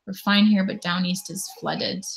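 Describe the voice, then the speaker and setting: A woman chatting on her own during a live stream, reading and answering viewer comments in a relaxed, offhand way. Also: mid-range voice, a little slow, gravelly. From Canada. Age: adult parent. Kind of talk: casual live stream chat.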